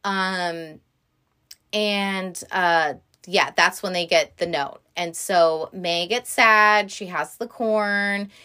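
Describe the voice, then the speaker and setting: A woman casually retelling the plot of an animated film in her own words, chatty and quick to swear. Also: lowish voice, clear, resonant tone. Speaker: movie recap vlogger.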